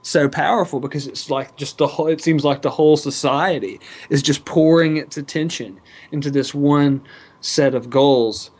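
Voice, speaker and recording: A man's voice: a little high, fairly even intonation, normal speed, darkish tone. A man on a casual podcast panel, rambling and thinking aloud with lots of fillers.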